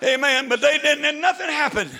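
High, gravelly shouting preacher man. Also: a little fast, low-quality recording. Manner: fervent, shouting, fills with amen and uh. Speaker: pastor. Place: church with congregation.

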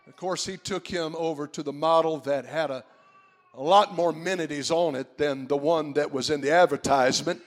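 A man preaching a sermon, moving from quiet storytelling to shouted preaching. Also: a little high, moderate pace.

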